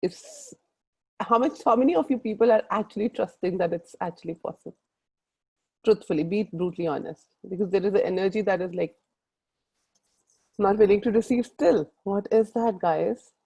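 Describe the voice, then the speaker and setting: A middle-aged Indian-accented woman coaching a group over a call. Her voice is soft and mellow, and she talks in long, earnest, rambling runs, often calling out to her listeners directly. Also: mid-range voice, normal speed, creaky, slightly rough, low-quality recording. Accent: Indian English. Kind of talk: motivational group call talk.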